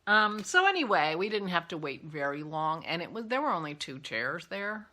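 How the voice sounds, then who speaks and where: A woman's voice: on the low side, big pitch swings, normal speed, sharp tone. A woman hosting a casual morning coffee vlog from home, rambling and easily sidetracked, a little yawny. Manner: rambling, easily distracted, chatty. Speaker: vlog host.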